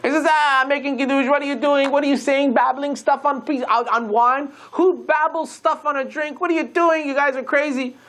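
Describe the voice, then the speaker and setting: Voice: mid-range voice, sing-song, moderate pace, a bit bright. A lecturer voicing a scoffing atheist man who mocks religious rituals in a told story. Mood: mocking. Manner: mocking, incredulous.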